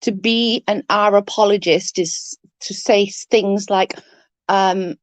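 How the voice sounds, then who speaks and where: A woman's voice: mid-range voice, fairly even intonation, takes it slowly, dry recording. A woman streaming live, chatting casually and rambling with her viewers, swearing now and then.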